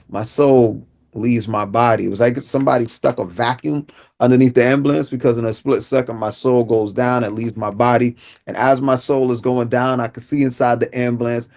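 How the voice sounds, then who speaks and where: A man with a fairly low voice gives a personal testimony as an inspirational speaker. He tells his story vividly, acting out the dialogue of the people in it. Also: darkish tone.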